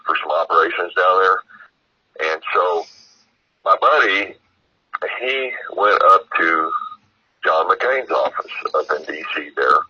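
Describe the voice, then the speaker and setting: A man's voice: low-pitched, slightly rough, no echo, lo-fi sound. A man guest telling a long, meandering story, full of fillers and asides. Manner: meandering, heavy on fillers and "you know". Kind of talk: rambling storytelling.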